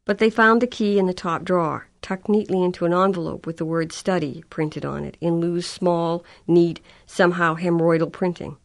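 A woman narrating a novel in a measured, even storytelling manner. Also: fairly low pitch, gravelly. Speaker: audiobook narrator. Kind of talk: scripted narration.

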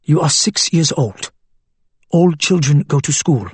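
A man doing a soft-spoken old grandfather. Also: a little high, lively intonation, husky, no room sound, exaggerated voice. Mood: gentle. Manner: soft, measured, patient. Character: gentle, firm elderly grandfather, a doctor.

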